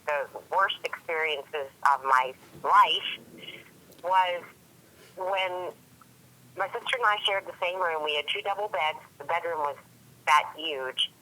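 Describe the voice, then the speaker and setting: A woman telling a story from her own youth in a halting way, often breaking off and starting again. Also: on the low side, bright, forceful tone, a little hiss or hum, rough recording. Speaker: interviewee recalling a family story. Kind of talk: personal recollection.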